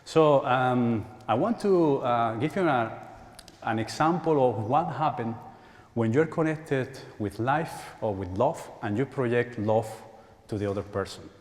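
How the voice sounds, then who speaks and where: A man with a Spanish accent giving an animated inspirational talk at a conference, acting out quoted voices and laughing often. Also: mid-range voice, unhurried. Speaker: conference speaker. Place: large church hall. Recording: echoey hall with long reverb.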